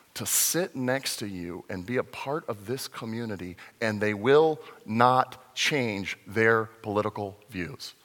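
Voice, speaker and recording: Pastor guy preaching casual-like, pitch jumping all over, big echoey church hall. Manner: conversational, animated, acts out voices in his retelling. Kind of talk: sermon.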